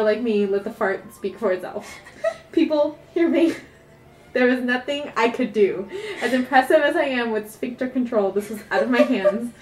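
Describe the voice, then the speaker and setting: A woman telling a comic story about her own life, animated and often laughing as she goes. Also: high-pitched, echoey room.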